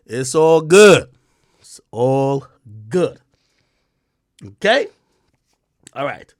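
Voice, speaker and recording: A man in his thirties hosts a livestream, speaking directly to his chat in an emphatic, repetitive and defiant manner, swearing plenty. His voice is medium-pitched and the audio is studio quality, with no room sound.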